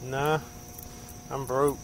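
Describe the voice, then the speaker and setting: A man's voice: mid-range voice, flat delivery, very slow. A man talking in a crude, rambling, profane way while driving around at night. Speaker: vlogger. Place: in a car outdoors at night. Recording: night insects and road noise behind.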